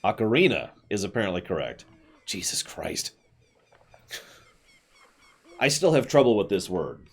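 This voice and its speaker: Deep-voiced, animated male game streamer. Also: unhurried, husky. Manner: animated, chatty, opinionated asides. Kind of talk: game commentary.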